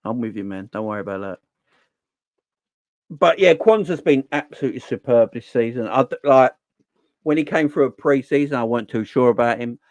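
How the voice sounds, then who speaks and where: A man's voice: mid-range voice, a little fast, no room sound. Slangy man hosting football chat. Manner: animated, slangy, answers chat. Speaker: football channel host. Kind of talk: casual live-stream chat.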